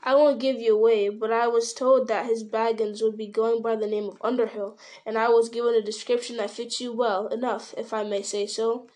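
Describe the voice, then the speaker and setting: A woman's voice: fairly high pitch, little pitch movement, moderate pace, hardly any pauses, darkish tone, close to an everyday voice. A woman voicing a fussy, rambling middle-aged male innkeeper with a folksy, apologetic way of talking.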